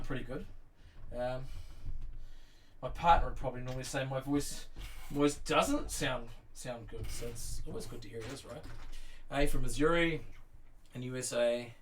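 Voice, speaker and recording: A man's voice: medium pitch, fairly bright tone, distant mic, a little hiss or hum. Rambling New Zealand man chatting on stream. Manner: rambling and friendly, many fillers and restarts, reads chat aloud. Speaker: Lego streamer. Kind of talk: casual live-stream chat. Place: home room full of Lego sets.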